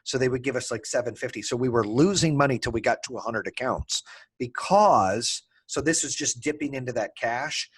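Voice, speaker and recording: With a brisk, slightly rough mid-range voice, a man tells the story of building his company. He's lively and frank, curses offhandedly, and acts out both parties in past disputes.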